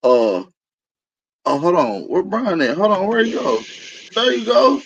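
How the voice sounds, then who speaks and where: Brief: raspy-edged, higher-voiced man hosting a stream, loose and slangy. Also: measured pace, dry recording, highs cut off. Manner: casual, slangy, excitable. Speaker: host reacting to a video. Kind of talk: live stream commentary.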